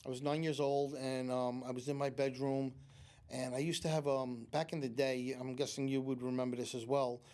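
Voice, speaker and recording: A man's voice: mid-range voice, flat delivery, moderate pace, a little mellow. New man telling rambling stories. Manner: rambling anecdotes with many restarts and acted-out quotes. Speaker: psychic medium guest. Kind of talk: storytelling in a talk show interview. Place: community TV studio.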